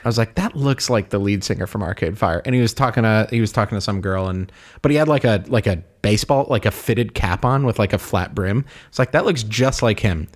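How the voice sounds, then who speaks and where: A man's voice: lowish voice, brisk. A young man co-hosting a podcast, telling stories in casual chat, full of "like" fillers. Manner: rambling storyteller, many "like" fillers. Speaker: podcast co-host.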